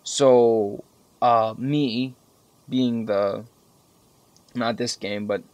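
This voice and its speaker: A young man giving casual, profanity-laden commentary over strategy game footage, rambling and getting animated when he recalls frustrating moments. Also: mid-range voice, extremely slow, no room sound. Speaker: gameplay commentator.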